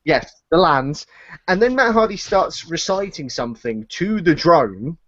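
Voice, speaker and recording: A man in casual live chat, his pitch bouncing all over as he rants with sarcastic exasperation. His voice sits a little high for a man. The audio is dry and lo-fi, with a dull top end. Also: unhurried. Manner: animated, sarcastic ranting. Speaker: podcast co-host.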